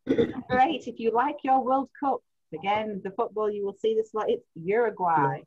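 Female quiz host on a video call, higher voice, relaxed, chatty delivery, dull lo-fi audio. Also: normal speed. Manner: chatty, laughs easily, stretches out answers.

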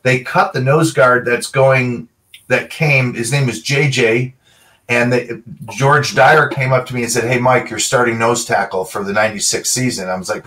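Storytelling former football player, off-mic. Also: male voice, medium pitch, moderate pace, recorded from a distance. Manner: animated storyteller, acts out quoted dialogue. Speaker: interview guest, former pro football player. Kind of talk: casual storytelling.

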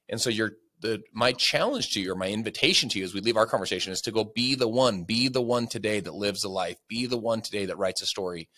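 Appearing as a podcast guest, a sales leader tells a story with energy and wraps up with a motivational speech. He has a deep voice with a fairly bright tone.

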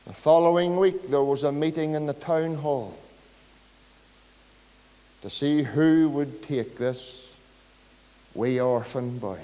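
Slow Northern Irish preacher in a hall. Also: male voice, a little high, warm tone. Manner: storytelling, builds to fervent pleading. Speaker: pastor. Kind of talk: sermon. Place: church. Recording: long hall reverb.

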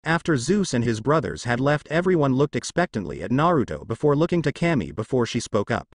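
A man's voice: brisk, dry recording, studio quality. A man narrating a fan fiction story, reading every character's lines in his own voice. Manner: reads all figures in his own voice, lively pitch.

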